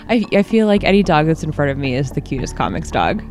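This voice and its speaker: A woman's voice: deep voice, big pitch swings, quick pace, darkish tone, soft background music. A woman interviewer asking playful, upbeat questions in a casual chat at a comic convention.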